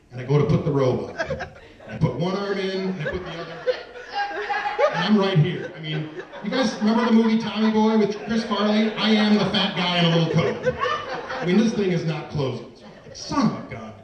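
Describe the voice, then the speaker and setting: A man's voice: high voice, fairly quick, muffled recording, a crowd in the background. A man doing a self-deprecating stand-up routine, telling a story with asides to the audience. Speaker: stand-up comedian. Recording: echoey room, distant mic, audience laughter. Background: audience laughter.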